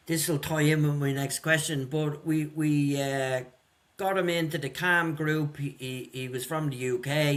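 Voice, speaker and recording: A man's voice: medium pitch, a bit bright. A man hosting a podcast interview, reflective and conversational as he asks open questions. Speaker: podcast host.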